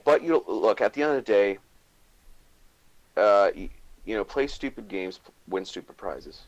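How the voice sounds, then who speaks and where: A man's voice: on the low side, expressive, rough recording. A man from Canada, a guest on a casual livestream chat. He stops and restarts often and leans on "you know". His voice swings widely up and down. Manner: halting, restarts words, hedges with "you know".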